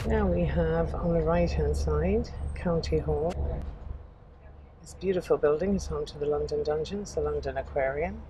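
A woman narrating a river boat tour in a chatty, upbeat, informal way, recorded on an outdoor deck with a camera mic. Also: low voice. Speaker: tour guide. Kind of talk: narrated walking-tour vlog. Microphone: camera mic, filming herself. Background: loud engine and water noise.

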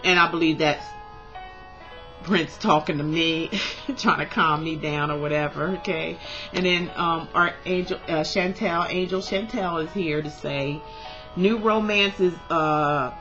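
A woman's voice: low voice, fairly even intonation, measured pace, fairly bright tone, dull audio, soft background music. A woman tarot reader in a vlog, ranting passionately and at length. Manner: passionate, rambling rant.

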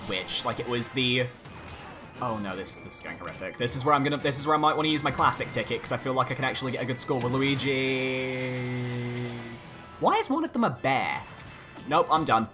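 A young man talks over his gameplay, his pitch leaping around as he exclaims and grumbles. He moves quickly between delight and annoyance in casual commentary. Faint game music plays underneath. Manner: animated, exclaiming, swings between excited and exasperated. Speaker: gaming YouTuber. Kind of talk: let's play commentary.

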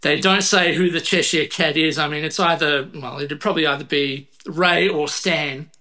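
A man's voice: a little high, steady tone, normal speed, sharp tone. A man hosting a podcast, reading through a TV guide in casual chat with many fillers. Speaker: podcast host.

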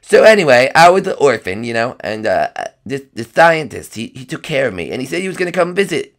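This is a hyper young male dinosaur in a game comedy role-play, voiced by a man. He keeps bursting out in high yells, and his voice has a gravelly rasp that jumps all over the place. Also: sing-song, a little fast. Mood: excited.

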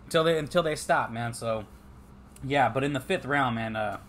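Bright, slangy man from California. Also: mid-range voice, moderate pace, a little hiss or hum. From Stockton, California. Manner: slangy, emphatic, keeps saying man. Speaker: podcast co-host, MMA betting picks. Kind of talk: casual chat.

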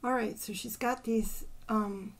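An older woman hosting a poetry channel, thinking aloud and softly counting syllables under her breath as she picks a poem apart. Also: a little high, fairly even intonation, measured pace. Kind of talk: casual poetry analysis.

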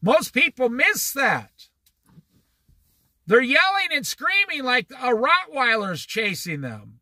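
A man leads a relaxed Bible study, reading scripture and unpacking it as if talking with friends. His voice sits high and swoops widely, and he takes his time. The sound is dry and close. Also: takes it slowly, no echo. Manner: conversational, reads verses then explains them, acts out quotes. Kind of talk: informal Bible study commentary. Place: on the Oregon coast.

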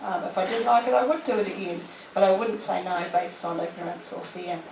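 A woman's voice: medium pitch, a little fast, vocal fry, a little mellow, slight background noise. A middle-aged woman, giving a humorous, self-deprecating storytelling talk to an audience. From New Zealand. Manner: humorous, self-deprecating anecdotes with acted quotes. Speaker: motivational speaker. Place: public library talk room. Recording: echoey room, mic from a distance.

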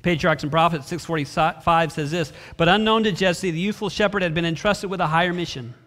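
A pastor preaches a sermon in a reverberant hall, his voice pitched on the high side and moving fairly quickly. He reads scripture expressively and briefly acts out the voices of biblical characters.

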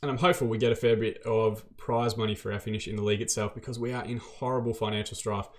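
A man's voice: on the low side, steady tone, quick pace. A young man giving chatty, self-deprecating commentary over his gameplay. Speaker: gaming YouTuber.

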